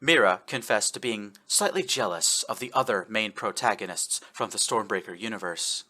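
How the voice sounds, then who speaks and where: A man reading a fanfiction story aloud in scripted narration, changing his voice for the characters. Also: moderate pace. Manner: expressive, shifts pitch for characters. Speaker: fanfiction audiobook reader.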